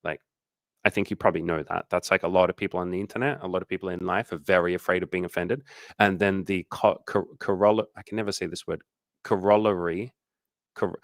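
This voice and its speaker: A man's voice: low-pitched, fairly even intonation, fast, dry recording. A man working as a dating coach, answering questions on a casual livestream in a candid, loose way, swearing freely and using lots of fillers.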